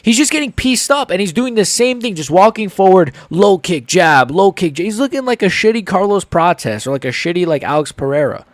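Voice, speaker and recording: A man's voice: high voice, animated, brisk, hardly any pauses, no room sound. A young man hosting a live fight reaction, ranting heatedly and swearing. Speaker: MMA channel host.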